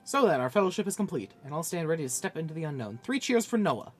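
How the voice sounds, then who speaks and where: A man's voice: on the high side, lively intonation, very fast, soft background music. A man voicing an eager, confident young male scholar in a game, reading the lines aloud on a stream.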